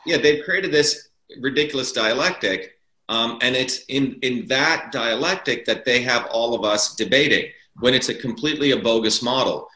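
A man's voice: medium pitch, normal speed, bright, forceful tone. A man arguing his political views as an interview guest, emphatic and repeating key words for stress. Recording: roomy echo.

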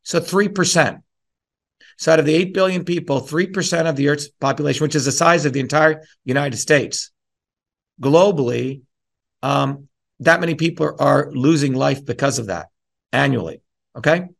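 A man addresses a town hall in a lecture that slides into a heated, profane rant. His voice is gravelly and sits a little high, and he sounds combative and forceful as he drives his points home. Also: normal speed. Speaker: town hall speaker, presidential candidate. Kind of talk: lecture turning into an angry rant.

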